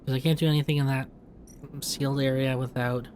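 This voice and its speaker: A man's voice: mid-range voice, level tone, fairly quick, a little mellow, slight background noise. A man casually talking to himself while playing a story game, thinking aloud and restarting his sentences. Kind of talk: casual gameplay commentary. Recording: game music playing behind. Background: game music.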